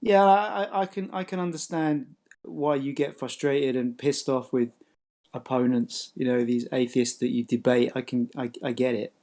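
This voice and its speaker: A man calling into a debate, with a mid-pitched voice. He speaks hesitantly and stumbles over words, and his tone stays conciliatory. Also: fairly even intonation, normal speed, mellow. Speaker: caller. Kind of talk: casual debate call.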